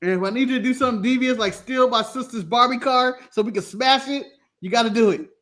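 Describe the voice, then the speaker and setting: A man's voice: extremely high pitch, fast. A man from the United States co-hosting a podcast, chatting casually and joking with frequent laughter. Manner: animated, joking, laughs often. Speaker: podcast co-host. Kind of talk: casual watch-along chat.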